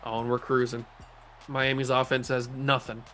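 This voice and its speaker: A young man hosting casual gameplay commentary, playful and cocky, breaking into excited play-by-play calls. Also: medium pitch, normal speed, faint music behind. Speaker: gaming YouTuber, host.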